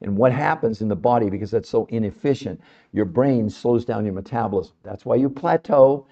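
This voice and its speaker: A man hosting a podcast, delivering an animated, emphatic health talk full of rhetorical questions to his audience. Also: medium pitch, fairly quick, gravelly, lo-fi sound. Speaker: podcast host.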